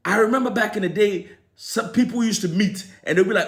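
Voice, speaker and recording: A man's voice: high voice, animated, a little fast. A man with a Ghanaian accent tinged with American, delivering an opinionated commentary full of rhetorical questions. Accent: Ghanaian English with some American. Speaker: entertainment commentator. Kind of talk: opinionated monologue.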